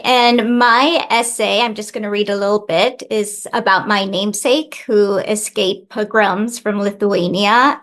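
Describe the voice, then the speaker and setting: A woman author who chats warmly and with self-deprecating humor, emotional, before reading from her essay. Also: medium pitch. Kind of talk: casual intro, then essay reading.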